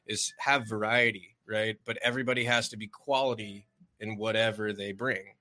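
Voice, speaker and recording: A man with a bright, forceful voice talking loosely on a podcast, piling up filler words and breaking into laughs as he goes. He co-hosts and books comedy nights. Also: lowish voice, fairly even intonation, normal speed. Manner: rambling, laughs often, heavy filler words. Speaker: comedy show producer and co-host. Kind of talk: casual podcast chat.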